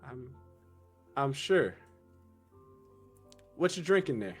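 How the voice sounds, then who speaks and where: A man taking part in a tabletop role-playing game, talking casually and haltingly in and out of character. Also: medium pitch, sing-song, husky, soft background music. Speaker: player.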